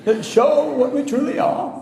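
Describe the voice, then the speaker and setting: A man voicing a wise, solemn old male wizard headmaster, drawing out his words slowly. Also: very high-pitched, gravelly, dark tone, voice pushed up. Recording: echoey large hall.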